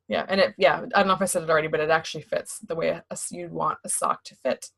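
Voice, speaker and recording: A woman's voice: low voice, fairly even intonation, fast talker, gravelly, fairly bright tone. A woman co-hosting a podcast, chatting casually and hesitantly with many restarts. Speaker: podcast co-host. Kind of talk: casual chat about knitting.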